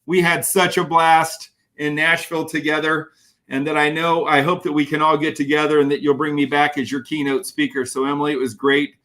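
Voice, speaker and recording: Bright, high-voiced energetic motivational speaker man. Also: brisk. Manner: energetic, greets viewers by name while reading comments. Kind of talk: live-streamed motivational talk.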